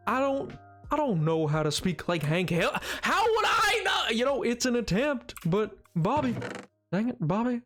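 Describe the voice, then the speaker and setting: A young man live-streaming a building game, rambling casually to his chat and joking at his own expense. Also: very high-pitched. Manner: rambling, self-mocking, talks to chat.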